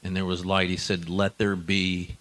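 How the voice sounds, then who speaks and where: A man preaching a sermon, swinging between quiet asides and loud emphatic declarations. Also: deep voice, monotone, moderate pace, poor audio. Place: church hall.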